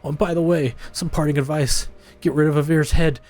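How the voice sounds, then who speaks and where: A man's voice: on the high side, steady tone, fairly quick, darkish tone, voice pushed up, close to an everyday voice. A man reading game dialogue aloud, playing a stern man who lectures with exasperation. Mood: scolding. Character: stern man giving blunt parting advice.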